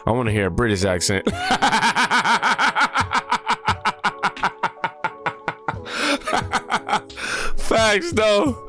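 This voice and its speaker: Chatty man reacting to clips, slangy. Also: on the low side. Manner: chatty, slangy, lots of fillers and asides. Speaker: reaction channel host. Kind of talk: casual commentary reacting to clips.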